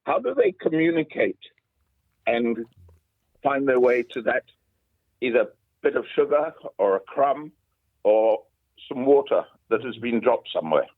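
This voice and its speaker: A man's voice: medium pitch, expressive, measured pace, pauses often, no echo. A man calling in to a radio show who asks a question somewhat hesitantly, heard over a phone line. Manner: hesitant, uses fillers while asking. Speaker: caller.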